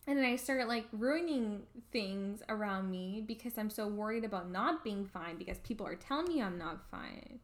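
A woman's voice: mid-range voice, expressive, moderate pace, hardly any pauses. A woman co-hosting a podcast in casual chat, rambling and saying "like" a lot. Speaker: podcast co-host.

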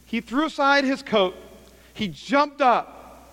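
Man, pastor, high voice, smooth tone, lively preaching, reverberant church hall. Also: slow. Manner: animated preaching, calls out to congregation. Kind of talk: sermon. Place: church sanctuary.

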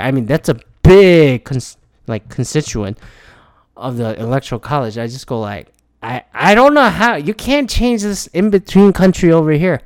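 A man's voice: fairly high pitch, expressive, moderate pace, no room sound. A man ranting casually, swearing often and rambling with frequent restarts and repeated words. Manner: profane, frustrated, rambling with restarts. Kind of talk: casual rant.

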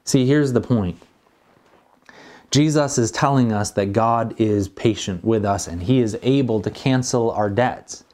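Middle-aged male pastor, low-pitched, earnest and conversational, preaching a sermon. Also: measured pace, mellow.

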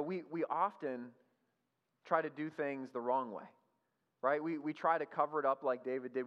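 A male pastor giving a conversational sermon, animated and asking the congregation questions. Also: on the high side. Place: church hall. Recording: dull lo-fi sound with long hall reverb.

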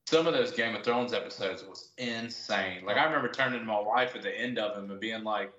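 Man in his thirties, podcast guest, bright forceful voice, acts out his reactions mid-story, roomy room echo, dull lo-fi sound. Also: fairly low pitch, brisk, few pauses. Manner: storytelling, acting out his own reactions in quotes. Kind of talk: casual chat.

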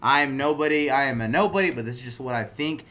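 A man hosting a loose chat with friends, joking and swearing freely. His voice is bright and forceful. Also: medium pitch, fast. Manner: loose, profane, joking banter. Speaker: podcast host. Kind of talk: casual chat.

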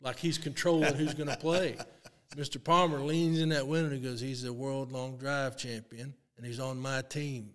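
A man's voice: medium pitch, normal speed. Older man telling a story, reverberant room. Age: 60s. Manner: animated storyteller, acts out quotes, laughs often. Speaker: guest, long drive champion. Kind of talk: casual storytelling.

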